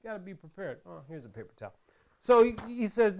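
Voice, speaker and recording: Man, casual craft tutorial, rambling chatty storyteller, slightly high voice. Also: sing-song, fast, darkish tone. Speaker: craft vlogger.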